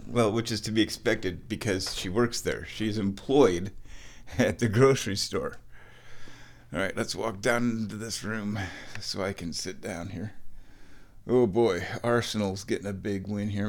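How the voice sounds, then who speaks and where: A man vlogging at home, telling a meandering everyday story in a casual, chatty way while walking between rooms. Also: lowish voice. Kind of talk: rambling casual vlog chat.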